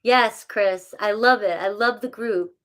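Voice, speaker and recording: A middle-aged woman, a tarot reader, chats casually with her live-stream viewers in a mid-range, slightly bright voice at a somewhat slow pace. She pokes fun at herself, laughs a lot, and thanks people in the chat by name.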